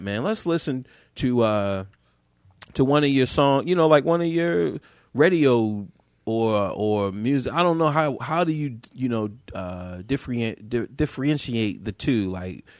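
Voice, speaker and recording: A man's voice: medium pitch, measured pace, a little mellow, no echo. Easygoing man hosting, dry sound. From Baltimore, USA. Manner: easygoing, laughs often. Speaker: podcast host. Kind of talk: casual podcast interview.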